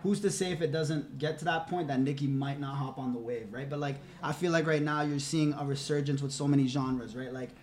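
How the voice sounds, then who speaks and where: A man's voice: on the high side, steady tone, fairly quick, hardly any pauses, a little mellow, reverberant. A man co-hosting a podcast, laying out his view steadily in a casual group chat. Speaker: podcast co-host.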